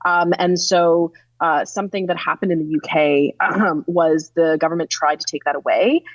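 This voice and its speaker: A woman from Canada speaking on a panel, earnest and explanatory, with halting restarts. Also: on the low side, fairly even intonation, no echo. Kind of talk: panel discussion. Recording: slightly muffled dry recording.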